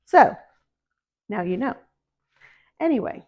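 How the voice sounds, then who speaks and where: Speaking slowly with big swings in pitch and a darkish tone, a middle-aged Deep South woman vlogs about homesteading. She talks casually to the camera about her land and faith, often laughing at herself.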